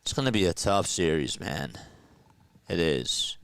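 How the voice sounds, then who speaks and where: A man doing relaxed play-by-play commentary for a stream, chatting with his viewers between pitches. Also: a little slow, creaky, smooth, dry recording. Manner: casual, chatty, talks to viewers. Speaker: play-by-play host. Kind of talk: amateur play-by-play commentary with chat.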